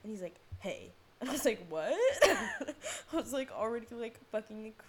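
A woman's voice: a little high, wildly swooping pitch, normal speed, husky. A teenage girl hosting a podcast, telling a rambling story with lots of fillers and swearing. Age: teens. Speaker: podcast host. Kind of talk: casual storytelling monologue.

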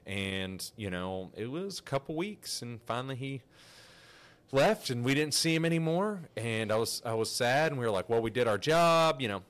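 A man hosting a podcast, telling a story in a casual, animated, rambling way with frequent restarts. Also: mid-range voice, normal speed, smooth. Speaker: podcast host.

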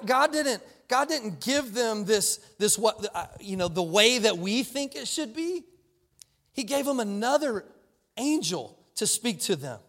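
A man's voice: extremely high pitch, fairly bright tone, long reverb tail. A male pastor in his thirties giving a conversational sermon, often restarting and repeating words and acting out quoted voices. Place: church auditorium.

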